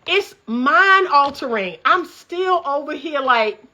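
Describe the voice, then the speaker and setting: A woman's voice: high voice, lively intonation, takes it slowly, sharp tone, a little hiss or hum. A woman relationship coach, giving fired-up, preachy commentary straight to her viewers from a room at home, laughing often. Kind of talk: casual commentary vlog. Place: upstairs room by a window at home.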